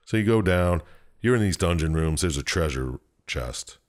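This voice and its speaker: A man in casual chat, recapping a video game with profane, animated storytelling. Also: sits low, normal speed.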